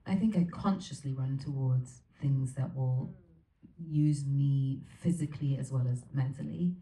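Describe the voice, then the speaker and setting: A woman's voice: rumbling low, a little slow, mellow. A woman as the featured guest at an onstage Q&A, answering in an earnest, reflective way and laughing easily. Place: theater stage before an audience. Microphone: recorded from the audience, far from the stage. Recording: echoey theater from far off, faint noise.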